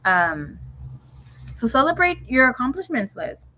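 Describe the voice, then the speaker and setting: A woman's voice: high-pitched, very animated, measured pace, pushed and bright, slight background noise. Chatty woman mixing in Spanish. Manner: chatty, swears freely, mixes in Spanish phrases. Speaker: tarot reader. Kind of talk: casual tarot reading to a viewer.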